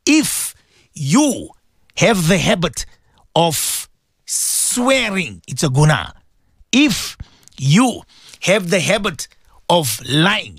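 A man delivers a radio sermon in a high voice that rises and falls in a lively, sing-song way. He talks emphatically, repeats his phrases and keeps checking in with his listeners. The sound is close and dry, with no room around it. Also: dry recording. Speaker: Islamic preacher on radio.

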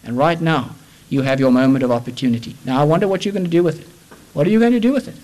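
A man preaching a sermon, impassioned, moving between loud urging and hushed pleading. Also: a little high, racing, poor audio.

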